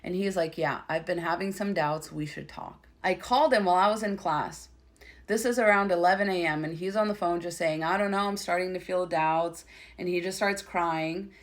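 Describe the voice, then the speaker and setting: A woman with a fairly low voice delivers commentary on a reality show at a moderate pace. She reads quotes aloud and then reacts to them in an emphatic, opinionated way.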